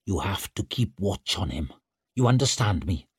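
A man voicing a sour, grim aging chieftain who speaks low and quietly. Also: big pitch swings, normal speed, slightly rough, no room sound, studio quality, heavily acted.

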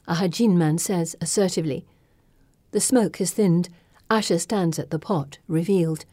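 A woman narrating a first-person audiobook in a steady, intimate storytelling manner. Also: fairly low pitch, moderate pace, dry recording, studio quality.

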